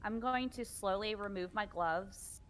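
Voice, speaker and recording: A woman's voice: medium pitch, a little slow, slight background noise. A woman player describing her character's actions step by step in a tabletop game. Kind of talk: tabletop role-play.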